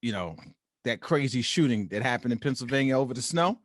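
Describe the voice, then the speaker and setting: Emphatic man with a lively pitch. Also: a little fast, no room sound, clean studio sound. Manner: emphatic, pitch jumps up to make a point. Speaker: podcast co-host. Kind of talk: casual podcast chat.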